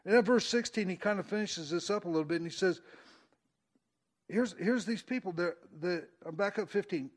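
A man's voice: high voice, normal speed. A man preaching in an informal, conversational way, reading Bible verses aloud and explaining them in plain folksy speech. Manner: conversational, folksy, rising emphasis on quoted verses.

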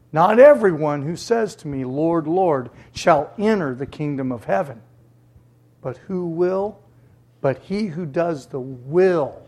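Preacher, sermon, slow and deliberate, husky, emphatic repetition. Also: mid-range voice, darkish tone. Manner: emphatic, repeats key words for stress.

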